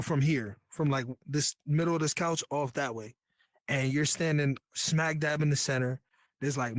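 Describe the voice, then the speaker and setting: A man's voice: fairly high pitch, no echo. A man from New York, a Navy veteran guest, telling his story in a candid, earnest, slangy way. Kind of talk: casual storytelling.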